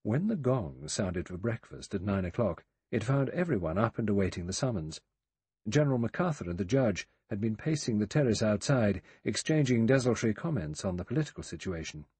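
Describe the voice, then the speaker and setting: A man narrating an audiobook in a measured, even reading. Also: on the low side, breathy edge, dry recording. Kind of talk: scripted narration.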